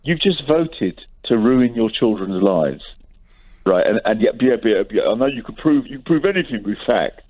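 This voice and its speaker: A man's voice: medium pitch, lively intonation, moderate pace. A man calling in to a radio show, ranting and rambling in despair. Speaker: caller. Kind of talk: phone-in call. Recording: tinny phone line.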